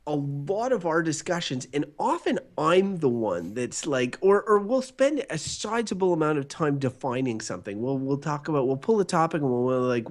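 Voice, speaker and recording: A man's voice: fairly high pitch, sing-song, moderate pace, few pauses. A man co-hosting a podcast, musing reflectively and trailing off into repeated words. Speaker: podcast co-host. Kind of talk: casual podcast discussion.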